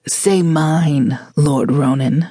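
Brief: narrator doing a bold, teasing noblewoman; sultry and commanding, with a touch of fry, close and dry. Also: low voice, very slow, dark tone, no echo, full character voice.

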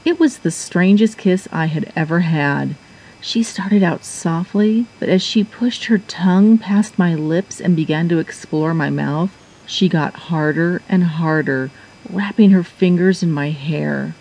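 A woman narrating a first-person erotic audiobook in a measured, intimate storytelling manner. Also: on the low side, darkish tone, breathy edge, low-quality recording.

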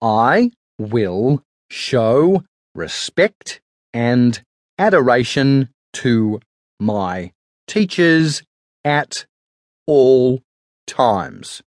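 A man's voice: medium pitch, expressive, moderate pace, hardly any pauses, slightly rough, dry recording, studio quality. A man voicing a sly, cheeky schoolboy in an audiobook, speaking in a teasing way. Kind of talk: audiobook character voice.

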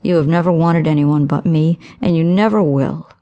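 A woman voicing a smug, manipulative young man who speaks in a suave, low, smooth voice. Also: normal speed, mellow, dull audio. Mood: smooth coaxing.

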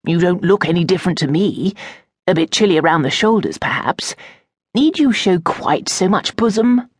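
A woman narrates an audiobook, voicing an irritable, prudish aristocratic father who speaks in an exasperated, imperious manner. Her voice is on the low side, animated, and breathy at a normal pace, with no echo.

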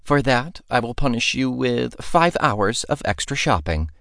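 A man's voice: mid-range voice, expressive, unhurried, vocal fry, a bit bright, dry recording, clean studio sound, voice pushed up. A man voicing a young princess who teases and orders her friend about in a playful, imperious way. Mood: teasing, bossy. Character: teasing, bossy young princess.

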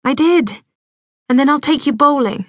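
A woman narrator voicing a young woman who is a caring, cheerful big sister, bright and reassuring in tone. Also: sits high, normal speed, dry recording, pitched above the performer's own voice, natural voice.

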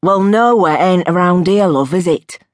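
A woman's voice: on the low side, normal speed, no echo, clean studio sound, natural voice. A woman voicing a big, threatening street bully with a Northern English accent, sneering as she talks. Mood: menacing.

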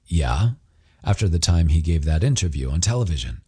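A male audiobook narrator voicing an affectionate young man who grows anxious and jealous, close to his own husky voice. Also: deep voice, sing-song, brisk, dark tone, heavily acted. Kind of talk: audiobook character voice.

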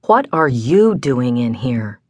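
A woman's voice: fairly low pitch, very animated, unhurried, no room sound, voice pushed up. A woman voicing an angry, frightened woman in an audiobook, speaking sharply and indignantly.

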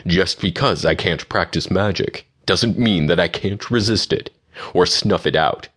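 A man's voice: low voice, a little slow, a bit bright. A man voicing a stern, commanding young unicorn stallion in an audiobook.

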